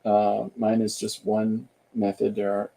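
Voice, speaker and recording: A man's voice: lowish voice, monotone, a little slow, vocal fry, warm tone. An older man hosting a casual livestream chat, rambling and hesitant, with lots of filler sounds. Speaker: podcast host.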